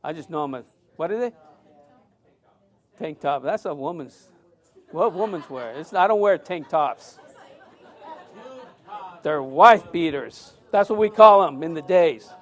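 A man preaching a sermon, telling a personal story in a conversational, animated way. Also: a little high, a little slow, pauses often, a faint crowd.

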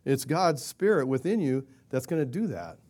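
A man preaching a sermon in a conversational way, asking rhetorical questions and acting out quoted prayers in a louder, higher voice. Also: big pitch swings, moderate pace. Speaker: pastor.

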